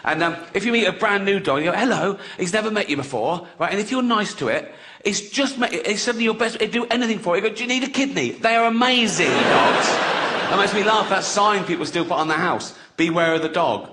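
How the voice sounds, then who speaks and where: Crude comic on stage. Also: male voice, sits high, lively intonation, brisk. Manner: crude, mocking, acts out silly voices. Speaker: stand-up comedian. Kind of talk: stand-up routine. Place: stage before a live audience. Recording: loud background noise from a live crowd. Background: loud audience laughter.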